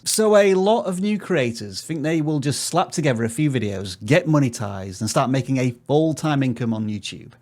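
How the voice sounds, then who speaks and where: A man's voice: medium pitch, animated, normal speed, few pauses, darkish tone. A man hosting a scripted tutorial on growing a YouTube channel, giving direct advice in an upbeat tone with the odd joke. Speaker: YouTube growth tutorial host.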